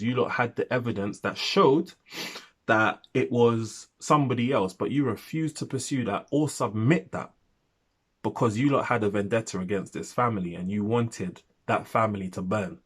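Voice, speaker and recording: A man's voice: fairly low pitch, husky. A man in his thirties chatting casually in a video review, rambling and repeating himself for emphasis. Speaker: film reviewer.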